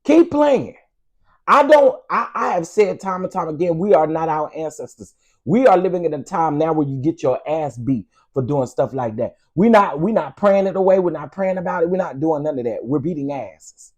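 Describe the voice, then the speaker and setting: A man's voice: a little high, fairly quick. A man hosting an online commentary show, ranting emphatically and sassily. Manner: loud, emphatic, sassy.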